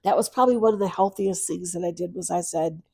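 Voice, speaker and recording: A middle-aged woman speaks as a podcast guest, recounting loss with tearful earnestness. Her tone is dark and mellow, dropping to near whispers and then rising to loud, emphatic bursts. The recording is close and dry. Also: on the low side, fast, creaky, husky, dry recording. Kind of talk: emotional personal storytelling.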